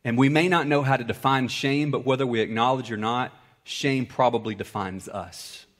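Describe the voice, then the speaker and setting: A male pastor preaching a sermon, swinging between loud, high-pitched bursts and hushed, low-voiced passages. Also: fairly even intonation, moderate pace.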